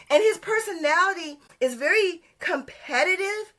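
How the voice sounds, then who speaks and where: A sassy woman co-hosting a podcast, talking emphatically in casual chat. Her voice sits a bit high and sounds bright and forceful. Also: moderate pace. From Texas. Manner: animated, sassy, emphatic with Southern sayings. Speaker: podcast co-host.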